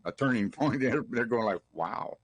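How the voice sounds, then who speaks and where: A man's voice: medium pitch, fast talker, husky. A middle-aged man from Texas, a guest telling rambling, folksy anecdotes about his film work with plenty of restarts. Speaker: guest, film weapons master. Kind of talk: storytelling interview.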